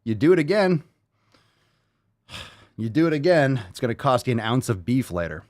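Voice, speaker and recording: Loud, hyped, swearing podcast host. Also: male voice, medium pitch, big pitch swings, moderate pace, dry recording, studio quality. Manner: loud, profane, hyped, talks to his dog. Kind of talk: casual livestream podcast chat.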